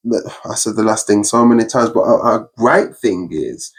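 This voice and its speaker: A man's voice: lowish voice, moderate pace, breathy edge. A young man hosting a podcast, talking earnestly and upbeat in casual conversation, often running through long lists. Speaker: podcast host.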